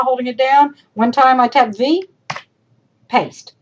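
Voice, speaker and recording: A woman college instructor giving recorded feedback to her students. She talks directly and chattily, repeating her points for emphasis, and her voice is going hoarse. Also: high-pitched, fairly even intonation, a little slow, highs cut off, slight background noise. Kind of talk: recorded lecture feedback over screen demo.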